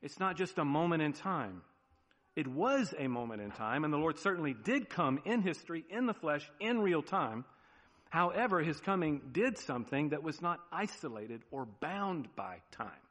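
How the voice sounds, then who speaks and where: Animated male pastor preaching in a hall. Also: fairly high pitch, normal speed. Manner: animated preaching, drops to quiet emphasis. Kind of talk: sermon.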